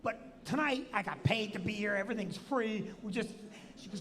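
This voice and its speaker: Animated storytelling man, roomy reverb. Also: moderate pace. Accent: New Jersey. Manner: animated, acts out quotes with big pitch jumps. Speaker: comedian and show host. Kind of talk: storytelling on a live show. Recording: long hall reverb.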